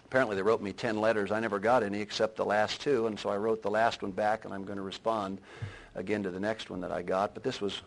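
A man preaching a sermon, swelling to loud emphatic lines and then dropping to a low, quiet delivery. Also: fairly even intonation, quick pace, gravelly, low-quality recording. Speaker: pastor.

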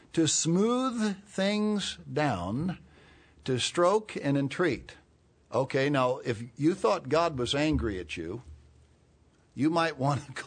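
A man's voice: fairly high pitch, husky. A man preaching a Bible-teaching sermon, who reads verses aloud with rising force and explains words plainly between them.

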